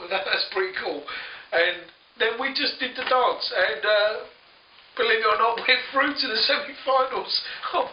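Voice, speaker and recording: A man tells a story in a chatty, animated way, breaking into laughs and acting out each side of the exchange. His voice sits fairly high. The recording is roomy and a little muffled, as if the mic is a few feet away. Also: far from the mic, slight background noise. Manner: chatty, animated, laughs often and acts out both sides of a conversation. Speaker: vlogger telling a story. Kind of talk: casual storytelling to camera.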